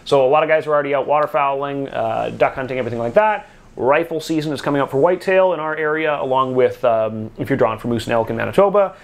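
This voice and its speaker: A man's voice: mid-range voice, fast. A man co-hosting a casual store talk show, joking and laughing often. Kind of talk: casual chat.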